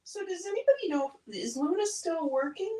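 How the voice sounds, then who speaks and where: A woman's voice: very high-pitched, big pitch swings, normal speed, mellow. A friendly woman in a crochet club chatting and giggling, heard from a distance. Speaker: club member. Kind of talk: casual chat. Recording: distant echoey mic with faint noise.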